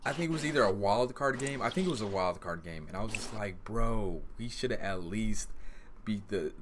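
A young man in casual sports chat, excitable and acting out his own shocked reactions with sudden high outbursts. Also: normal speed, background noise.

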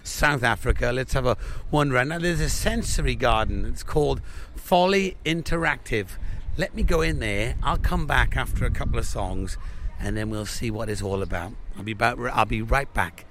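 A man's voice: mid-range voice, moderate pace, a bit bright, a little hiss or hum. A man hosting a live radio outside broadcast at an animal park, chatting and rambling with a visitor. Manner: chatty, rambling, friendly banter. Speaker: radio presenter.

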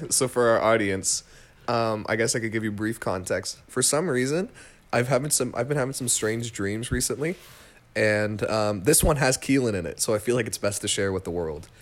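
A man's voice: medium pitch, moderate pace. A young man casually telling a story among friends, rambling with lots of fillers and laughing at himself. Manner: rambling, filler-heavy, self-amused.

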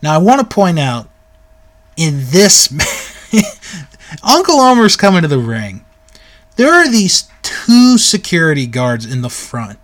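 A man's voice: on the high side, big pitch swings, a little slow, pauses often, a bit bright. A man giving a casual, chatty recap of an old wrestling tape, laughing at moments and mimicking the people in it. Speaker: wrestling history reviewer.

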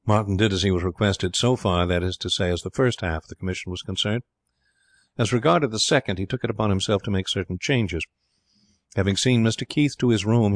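A man reading a story aloud as an audiobook narrator, in a measured, deliberate way. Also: fairly low pitch, no echo, clean studio sound. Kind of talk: scripted narration.

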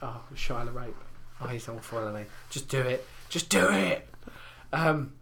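A man's voice: mid-range voice, moderate pace, fairly bright tone. A young man, telling rambling, crude stories in casual podcast chat. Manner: crude, rambling storyteller with lots of fillers. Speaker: podcast co-host.

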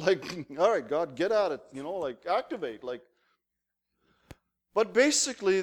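A male pastor preaching to his congregation with a slightly raised pitch. He tells stories in an animated, humorous way and keeps the sermon conversational. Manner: animated anecdotal storytelling with humor.

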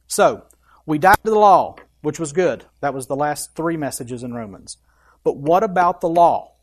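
An emphatic preacher working through scripture, reading the verses aloud and then pressing the point home. The delivery is punchy, with quick offhand asides that break into the reading. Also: mid-range voice, expressive. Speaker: pastor. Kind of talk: sermon.

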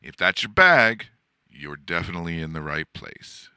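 A low-pitched man hosts a podcast in a loose, rambling chat full of fillers and casual swearing. His voice is strikingly bright and cutting, smooth and crisp, recorded dry and close with no room sound. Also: very animated, normal speed, no room sound. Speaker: podcast host. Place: home setup, seated in a desk chair.

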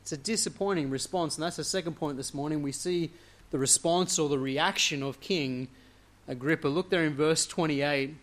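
A man's voice: fairly high pitch, moderate pace. A man preaching a sermon, earnestly walking through a scripture passage and letting his voice drop at the ends of phrases. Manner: earnest expository preaching, leaning into quoted scripture.

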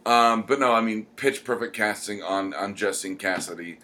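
A man co-hosting a podcast, chatting casually and rambling with many pauses. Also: lowish voice, sharp tone. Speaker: podcast co-host. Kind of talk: casual chat.

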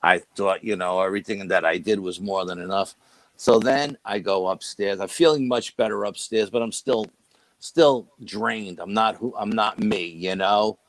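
Low-voiced man telling a story in dry sound. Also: moderate pace, no room sound, poor audio. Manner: animated retelling that quotes dialogue with "I go" and "she goes". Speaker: guest recounting a paranormal investigation. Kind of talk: casual spoken storytelling.

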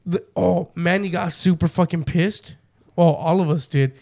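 A man's voice: high voice, moderate pace, creaky. A young man telling a rowdy story to friends in casual chat, swearing often and laughing as he goes. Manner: profane, laughing, animated storytelling.

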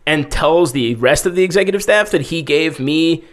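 A man's voice: a little high, normal speed, a bit bright. A man in casual chat, telling a long bar story, acting out quotes and swearing freely.

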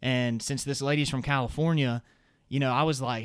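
A young man with a Southern US accent tells a story in a casual, rambling way, full of "like" and "you know." His voice is smooth and clear, recorded close and dry with no room sound. He sounds amused at himself. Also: mid-range voice, fairly even intonation, brisk, no room sound. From American South. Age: young adult. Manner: rambling, self-amused, lots of fillers.

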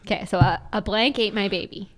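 A woman co-hosts a true-crime podcast, talking a little fast in a medium-pitched, slightly bright voice. She chats casually and is giggly, laughing often as she tells the story.

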